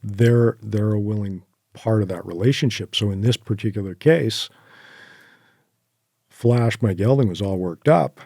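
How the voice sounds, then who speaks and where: Man, guest, easygoing storyteller with a low warm voice, dry sound. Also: a little slow, creaky, no echo. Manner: animated anecdotes with quoted asides and laughs. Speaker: podcast guest, horseback hunter. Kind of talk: casual interview storytelling.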